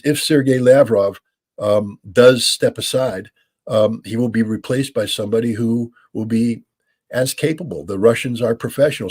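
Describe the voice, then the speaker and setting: A man's voice: medium pitch, slightly rough. An American man, the show's regular guest analyst, answering call-in questions in a loose, explanatory way, full of fillers and restarts. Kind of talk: call-in Q&A commentary.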